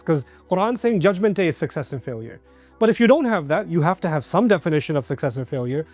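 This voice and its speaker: A man's voice: fairly high pitch, animated, fast talker, darkish tone, soft background music. A man giving a religious lecture in a conversational way, asking rhetorical questions and acting out the people he quotes. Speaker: preacher.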